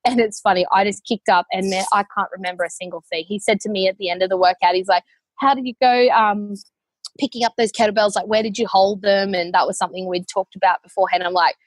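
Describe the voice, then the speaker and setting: A woman's voice: medium pitch, fairly even intonation, quick pace, no echo. A young adult woman with an Australian accent, a podcast guest telling her story in a heartfelt, rambling way full of fillers. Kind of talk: casual interview.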